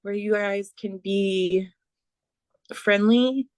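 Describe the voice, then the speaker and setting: A woman giving a spiritual reading as a medium, speaking haltingly with many fillers and restarts. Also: medium pitch, fairly even intonation, clear, resonant tone, dry recording. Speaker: psychic medium.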